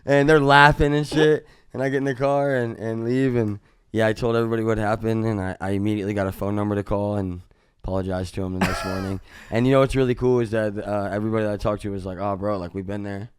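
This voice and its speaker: Smooth-voiced man telling wild stories. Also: fairly low pitch, quick pace, dry recording, studio quality. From Missouri, USA. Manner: animated, profane storytelling that jumps into shouted re-enactments. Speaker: musician guest. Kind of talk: casual podcast storytelling.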